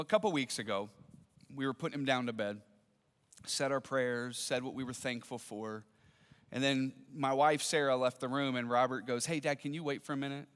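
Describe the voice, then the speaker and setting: A man's voice: a little high, fairly bright tone. A man in his forties preaching a sermon, telling a family story with acted-out dialogue. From American Midwest. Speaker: pastor. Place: church auditorium. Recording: long reverb of a large hall.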